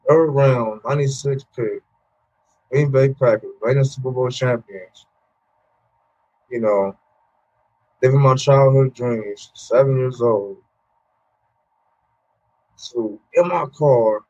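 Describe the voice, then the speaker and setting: Man, 30s, former pro athlete guest; relaxed, filler-heavy storytelling, mid pitch, dull lo-fi recording. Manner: casual, repeats words, many "you know" fillers. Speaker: interview guest, former pro football player. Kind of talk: candid personal storytelling. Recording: muffled, lo-fi sound.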